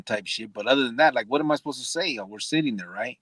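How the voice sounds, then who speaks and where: Casting: man, mid-pitch, podcast host, loose profane storyteller, dry close sound. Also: fast talker, fairly bright tone, dry recording. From Arizona. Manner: profane, joking, laughs often. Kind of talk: casual storytelling chat.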